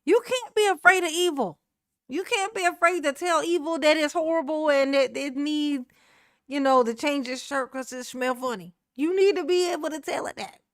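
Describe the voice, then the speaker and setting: A woman's voice: high-pitched, moderate pace, dry recording, clean studio sound. A woman doing brash, laughing, trash-talking commentary on a live stream.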